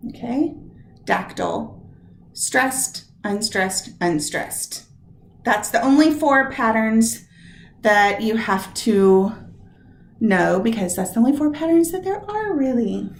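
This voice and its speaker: A woman teacher walks her class through poetic meter at a slow, patient pace, repeating words to show where the stress lands. Her voice rings in an echoey room with a faint hum behind it. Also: on the high side, very animated. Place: room with a whiteboard.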